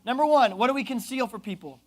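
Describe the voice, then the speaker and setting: A young man from Oklahoma preaching a youth sermon, telling stories with jokes and quick asides. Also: extremely high pitch. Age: young adult. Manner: animated, joking storyteller with asides. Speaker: youth pastor.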